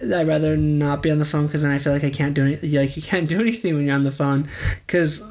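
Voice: mid-range voice, steady tone, fast talker, darkish tone. A co-host in a casual chat, blunt and easygoing, swearing freely.

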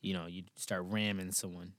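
A man's voice: sits low, flat delivery, normal speed, a bit bright, dry recording. A young man co-hosting a casual podcast from a small closet, playful and teasing. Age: young adult. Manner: playful, teasing, laid-back. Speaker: podcast co-host.

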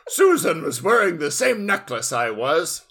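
A man's voice: fairly high pitch, very animated, unhurried, gravelly, bright, forceful tone, breathy edge, full character voice. A man voicing a prim, entitled suburban church mom possessed by a pharaoh, with a chirpy, pushy manner.

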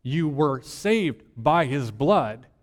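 A man's voice: a little high, expressive, extremely slow. Man preaching in a reverberant hall. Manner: conversational, rhetorical questions, swings from soft to emphatic. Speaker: lead minister. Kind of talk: sermon.

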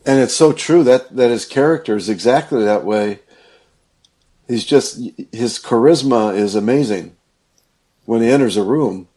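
A man with a slightly husky, mid-pitched voice, in a relaxed chat about a film. He mostly laughs along and answers with short agreeing words. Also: unhurried.

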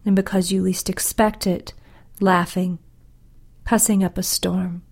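A woman poet talking about her work and reading her own poem in a slow, deliberate, soft voice with whispery passages. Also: on the low side, flat delivery, slightly rough.

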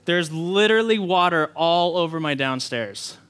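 Young-ish pastor, animated and quick, clear bright voice. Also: male voice, on the high side. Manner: quick, animated storytelling with many fillers; hushed, slow prayer. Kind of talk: sermon with prayer and story. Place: church hall.

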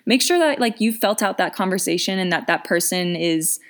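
A woman's voice: fairly low pitch, animated, moderate pace. A young woman in her twenties giving casual business coaching advice, chatty with lots of fillers and restarts.

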